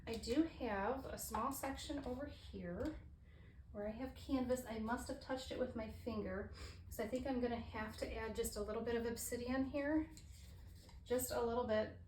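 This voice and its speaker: A woman's voice: fairly high pitch, normal speed, a little mellow. Chatty woman painter thinking aloud. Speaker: fluid art painter demonstrating. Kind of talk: casual painting tutorial. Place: roomy art studio. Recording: echoey room with faint ambient hiss.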